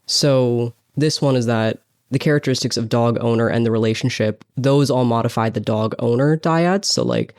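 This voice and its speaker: A man's voice: medium pitch, sing-song, normal speed, darkish tone. A man, a dog behavior consultant and guest on a podcast, explaining research steadily and using lots of "like.". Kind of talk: explanatory interview answers.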